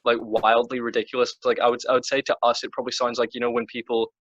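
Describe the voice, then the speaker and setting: A man's voice: medium pitch, little pitch movement, quick pace, a bit bright, husky, no room sound. Rambling Northern Irish man podcasting. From Northern Ireland. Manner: rambling, many restarts and fillers. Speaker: podcast co-host. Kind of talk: casual chat. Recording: dry, dull lo-fi sound.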